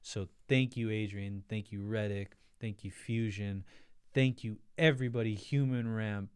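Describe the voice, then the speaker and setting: A man's voice: on the low side, steady tone, a little slow, clean tone, no room sound, clean studio sound. A man hosting a casual livestream, reading viewer comments aloud, laughing often and thanking his viewers effusively. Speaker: livestream host.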